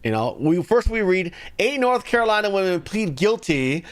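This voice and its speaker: A man's voice: high-pitched, sing-song, moderate pace. A man hosting a livestream, giving casual, sarcastic political commentary and mocking the stories he reads. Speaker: livestream news commentary host.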